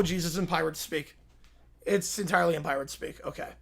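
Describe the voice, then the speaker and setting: High-voiced man making wry reaction asides. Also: a little fast, vocal fry. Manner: wry, half-mumbled asides that build into excited disbelief. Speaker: livestream host reacting to videos. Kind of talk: casual reaction commentary.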